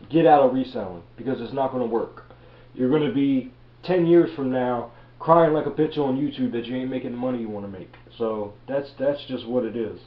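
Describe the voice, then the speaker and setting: A man in his thirties from Baltimore, giving a blunt, profane motivational rant as a reselling vlogger. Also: medium pitch. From Baltimore, USA. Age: 30s. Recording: echoey room, dull lo-fi audio.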